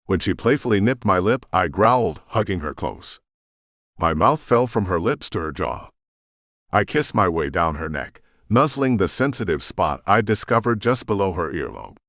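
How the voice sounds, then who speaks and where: A man narrating an audiobook in first person, gruff and brooding. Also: low-pitched, very animated, normal speed, a bit bright, dry recording, studio quality.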